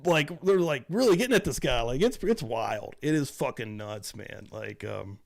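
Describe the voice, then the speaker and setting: A man's voice: medium pitch, expressive, moderate pace, vocal fry. A man hosting a casual livestream chat, rambling along, swearing often and chuckling as he talks. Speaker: host.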